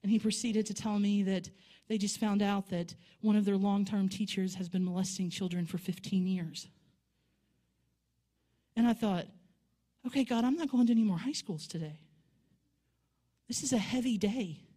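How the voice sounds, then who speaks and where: A woman preaching in a church sanctuary, her voice sitting in a middle pitch. She tells her story in a conversational way, then builds into fervent, rising exhortation. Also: moderate pace, long pauses, warm tone. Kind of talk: sermon.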